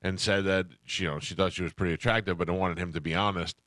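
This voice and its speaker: A man's voice: low voice, steady tone, fast, bright, forceful tone, dry recording. A man in his forties hosting a radio show in a studio, joking around and telling stories. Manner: joking, tells stories acting out quoted voices. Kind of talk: casual radio banter. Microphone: studio microphone.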